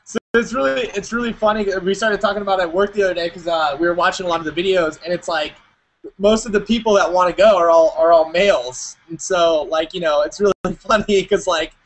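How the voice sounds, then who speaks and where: High-voiced young man in casual chat. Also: poor audio. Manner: loose and joking, reads posts aloud in mock voices. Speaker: podcast co-host.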